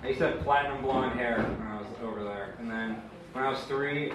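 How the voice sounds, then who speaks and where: A man's voice: medium pitch, a little fast, music in the background. A young man doing a rambling, self-deprecating open mic stand-up set, full of fillers. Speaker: stand-up comedian. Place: small open mic room, audience laughing. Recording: echoey live room bootleg from far off.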